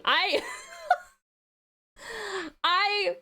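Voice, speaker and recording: A woman streaming live and chatting with her viewers. Her voice is high and bouncy, and she swoops up and down a lot. She sounds mostly American, with an Australian lilt on a few words, and she is giggly and full of ums. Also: huge pitch swings, slow pace, pauses often, pushed and bright. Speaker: livestreamer. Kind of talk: casual livestream chat with viewers.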